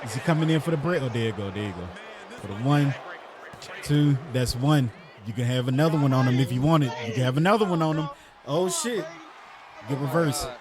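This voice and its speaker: A young man hosting an online wrestling league, doing loud, hyped play-by-play of a video game match, repeating his lines and heckling the players. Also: mid-range voice, a little fast, a crowd in the background.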